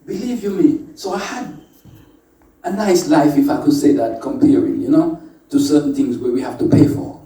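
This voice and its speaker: A man with a rather high but very dark, mellow voice gives a chatty talk to a group, often calling out to them for answers. He sounds set back from the microphone. The room has a roomy echo. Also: moderate pace, gravelly. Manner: playful, chatty, calls out to the audience. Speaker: speaker at a spiritual workshop. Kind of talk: informal lecture to a live group. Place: indoor meeting room with an audience. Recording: echoey room, voice from a distant mic.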